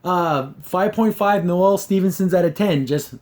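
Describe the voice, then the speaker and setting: Young guy ranting about a cartoon ep, kinda high voice, snarky, does little silly voices. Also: darkish tone. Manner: sarcastic, mocks scenes with quick put-on voices. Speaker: host reviewing a cartoon episode. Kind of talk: casual spoken review.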